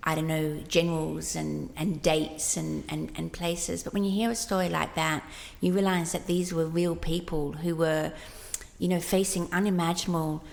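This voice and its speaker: Author lady, lowish gravelly voice, thoughtful podcast chat, lots of reverb. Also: flat delivery, moderate pace, a little mellow. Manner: thoughtful and reflective. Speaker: author guest. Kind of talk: casual interview chat. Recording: long reverb.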